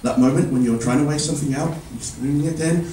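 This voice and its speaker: A man's voice: a little high, fast talker, mellow. Man doing stand-up in a roomy club. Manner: wry storytelling, acting out dialogue. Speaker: stand-up comedian. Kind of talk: stand-up comedy set. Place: comedy club stage. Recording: roomy club sound, mic heard from a distance, audience noise. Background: audience laughter.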